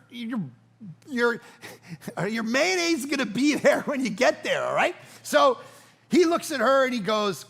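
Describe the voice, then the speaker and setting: A man in his thirties preaching a sermon, telling stories with animated, jokey delivery. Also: sits high, moderate pace, vocal fry. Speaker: pastor.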